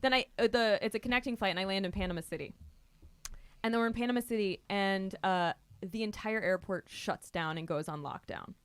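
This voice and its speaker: Woman comic guest, chatty storyteller, mid-pitched voice, dry close mic. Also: a little fast, clean tone, no room sound. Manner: rambling, filler-heavy, acts out voices loudly. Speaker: guest comedian. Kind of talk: animated comedic storytelling.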